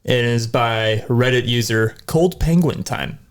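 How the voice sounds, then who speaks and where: A man's voice: medium pitch, a little slow, clear, resonant tone. A young man co-hosting a podcast, casually reading a horror story aloud, tripping over words and laughing along the way. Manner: laid-back, stumbles and laughs over words. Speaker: podcast co-host.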